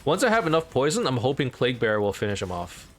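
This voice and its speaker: A man hosting a let's play, casually commenting on his game in an excitable, rambling way. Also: medium pitch, fast talker.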